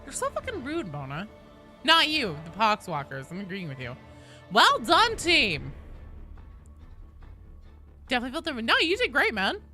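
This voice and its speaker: A woman's voice: on the high side, wildly swooping pitch, moderate pace, pauses often, bright, forceful tone, soft background music. A woman streaming a game live, chatting casually and playfully with viewers and swearing freely.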